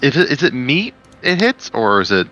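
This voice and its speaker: A man playing a tabletop game on an online call, speaking casually with halting restarts. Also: medium pitch, big pitch swings, pushed and bright, faint music behind. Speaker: player. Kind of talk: casual chat.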